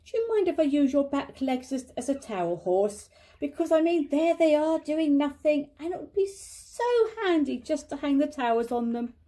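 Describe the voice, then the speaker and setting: An older woman voicing a fussy, brisk male rabbit from a storybook, with an emphatic, raised delivery. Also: high-pitched, expressive, mellow, pitched above the performer's own voice.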